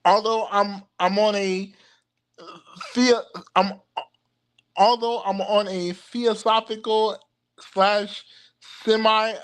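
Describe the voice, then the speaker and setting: On his occult livestream, a young man with a notably high, smooth, level-toned voice chats casually at an unhurried, loose pace. He stammers, restarts his words constantly and laughs often while repeatedly calling out to his viewers as "y'all."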